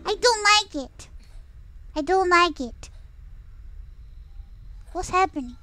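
Very high, bright-voiced excitable woman streamer. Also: slow, pauses often, slight background noise. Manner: excitable, jokey, easily scared, slips into Spanish phrases. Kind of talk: let's-play commentary.

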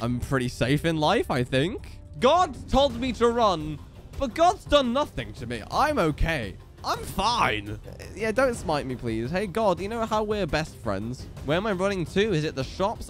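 A man giving excitable Minecraft gameplay commentary, swinging into panicked pleading and laughter. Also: fairly high pitch. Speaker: gaming video creator.

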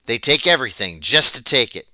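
A man's voice: medium pitch, expressive, a little fast, bright, forceful tone, no echo. A man reading the lines of a bold, reckless street-smart boy in a storybook, blunt and cocky. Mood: scolding.

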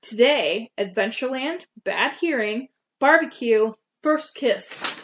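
A young woman, a YouTuber, reads her old fan fiction aloud, stopping to giggle and toss in self-mocking asides. Her voice is a little high, animated and a bit bright, and she takes it slowly. There's slight background noise.

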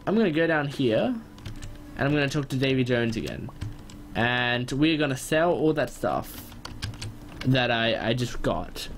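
A young man giving excitable gameplay commentary, quick to get frustrated and loud when things go wrong. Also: mid-range voice. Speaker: gaming channel host.

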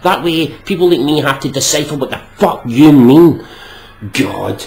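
A man's voice: a little high, expressive, a little slow. A young Scottish man ranting into his vlog, exasperated and sarcastic, swearing a lot. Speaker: vlogger.

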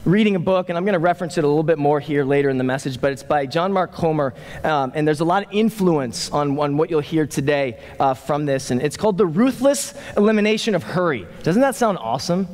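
A man preaching a sermon as pastor, animated, with loose conversational fillers, rising for emphasis and dropping low to slow down. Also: in a large hall. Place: church sanctuary.

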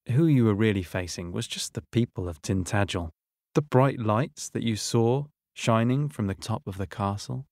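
A man voicing a calm, kindly old male king in a storybook, explaining in a measured way. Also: fairly low pitch, no echo, clean studio sound, close to an everyday voice.

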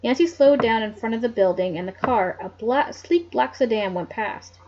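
A woman's voice: fairly high pitch, expressive, moderate pace, a little mellow, a little hiss or hum. A woman reading a mystery novel aloud at home, adding chatty, joking asides between passages, on a dull lo-fi mic. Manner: chatty asides, laughs at the story. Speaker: narrator.

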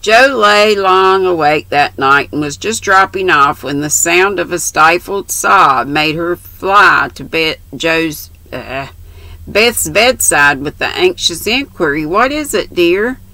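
Slow gravelly older woman reading aloud. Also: deep voice, expressive, pushed and bright, no room sound, poor audio. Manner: slow, stops to correct herself and mutter asides. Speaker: channel host reading aloud.

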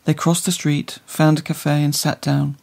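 A man reading a literary story aloud in measured, scripted narration. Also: fairly high pitch, flat delivery, gravelly, darkish tone. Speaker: audiobook narrator.

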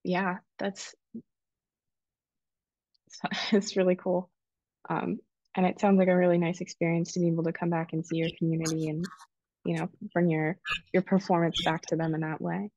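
Female interviewer, gravelly and slightly low voice, hesitant delivery, dry dull recording. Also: little pitch movement, normal speed, long pauses, dry recording. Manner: soft-spoken, hesitant with fillers. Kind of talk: casual interview.

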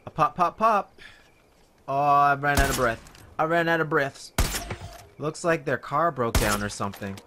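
A chatty man talking over his own gameplay, his pitch leaping around as he jokes and yelps at the game. He rambles to himself and cheers his small wins. Game music plays clearly behind him. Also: normal speed. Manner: chatty, jokey, talks to himself and the dog, excitable outbursts. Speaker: gaming video host. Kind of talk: casual gameplay commentary.

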